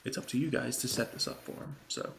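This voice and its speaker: A man's voice: medium pitch, steady tone, fast, creaky, fairly bright tone, slight background noise. A man narrating and running a tabletop role-playing game, answering players in a dry, matter-of-fact way. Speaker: game master.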